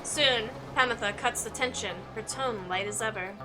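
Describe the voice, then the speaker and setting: A woman's voice: on the high side, normal speed. A woman streaming a game who reads the story text aloud and breaks off into joking asides. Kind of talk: live game playthrough, reading the story aloud. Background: game music.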